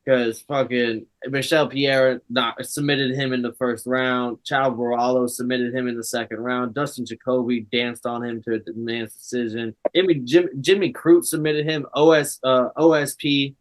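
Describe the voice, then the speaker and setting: A man's voice: medium pitch, flat delivery, normal speed, few pauses. A man co-hosting a casual fight podcast, laughing often while he goes through fighters' records. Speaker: podcast co-host. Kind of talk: casual chat.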